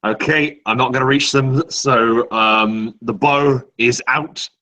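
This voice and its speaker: A man's voice: medium pitch, steady tone, takes it slowly, sharp tone, poor audio. A man playing a tabletop game, describing his actions and rolls in an easygoing way. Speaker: player. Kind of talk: casual tabletop play.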